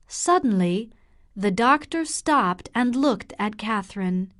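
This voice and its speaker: Very slow, careful female storyteller. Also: mid-range voice, animated, fairly bright tone. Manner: clear, careful, deliberate. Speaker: audiobook narrator. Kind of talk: slow graded-reader narration for learners.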